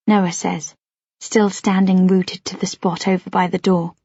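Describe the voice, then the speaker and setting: A woman reading a first-person story aloud in a soft, measured narration. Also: on the low side, level tone, husky, dry recording, highs cut off. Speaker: audiobook narrator.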